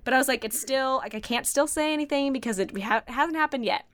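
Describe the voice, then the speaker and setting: A young woman podcast host telling a story in casual chat, animated and full of fillers, acting out her own excited reactions. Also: high voice, fast talker. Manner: animated, quotes herself in excited voices, many fillers.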